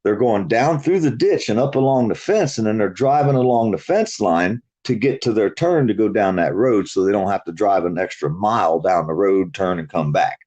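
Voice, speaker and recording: Lively, profane man. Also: lowish voice, moderate pace, hardly any pauses. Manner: profane, laughs often, lively. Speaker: host. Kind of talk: casual chat.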